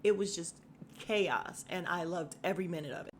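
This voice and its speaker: A woman hosting a casual podcast, recapping a TV drama episode in an animated way, swearing freely and laughing as she retells scenes. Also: on the low side, moderate pace, a little hiss or hum. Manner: laughs often while recounting.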